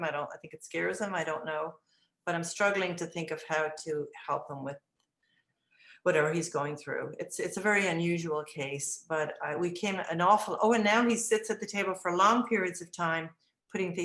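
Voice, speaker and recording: An older woman, an early childhood educator, recounting classroom stories and acting out the dialogue in lively high voices. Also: normal speed, creaky. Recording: echoey room.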